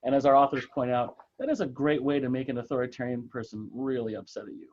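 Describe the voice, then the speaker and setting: A man leads a relaxed church book group, thinking aloud with fillers and restarts. His voice sits at an ordinary pitch. The sound is dull and lo-fi, like an online call. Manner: thoughtful, halting, with many fillers and restarts. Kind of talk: casual group discussion.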